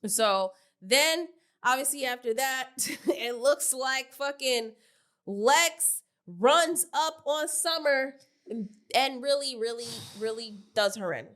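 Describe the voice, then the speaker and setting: A fairly high-voiced woman co-hosting a casual podcast. She retells scenes in an animated way, acting out what people said and swearing freely. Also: slow. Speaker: podcast co-host. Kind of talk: casual reality-TV recap chat.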